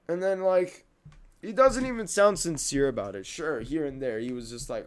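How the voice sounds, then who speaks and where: A man's voice: a little high, very animated, moderate pace. A young man hosting a podcast, venting in a casual monologue, heated and repeating himself. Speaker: podcast host.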